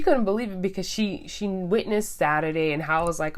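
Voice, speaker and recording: A young woman vlogger telling a personal story in a chatty, animated way, talking straight to her viewers. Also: fairly low pitch, quick pace. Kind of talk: casual storytelling.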